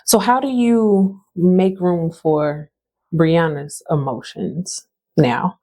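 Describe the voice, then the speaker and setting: A woman hosting an interview, asking gentle, affirming questions. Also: lowish voice, takes it slowly. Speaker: host.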